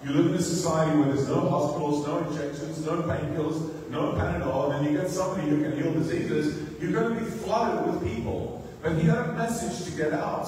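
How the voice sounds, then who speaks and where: A man preaches in a relaxed, conversational way, often asking the congregation questions. His voice sits a little above the usual for men. The recording is distant, with a long, ringing church-hall echo and a faint room hum. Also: a little high. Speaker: pastor. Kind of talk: sermon. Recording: echoey church hall, mic far off.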